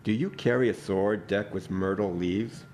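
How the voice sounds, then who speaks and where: A man reading the lines of a breathless, curious young American girl in his own low voice. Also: moderate pace, darkish tone, a little hiss or hum, lightly acted.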